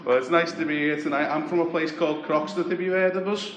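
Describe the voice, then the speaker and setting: A young man from Liverpool with a Liverpool accent, doing a deadpan, sweary stand-up comedy set. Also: fairly high pitch, quick pace. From Liverpool, England. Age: young adult. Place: comedy club stage. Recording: echoey club with crowd noise. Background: audience laughter.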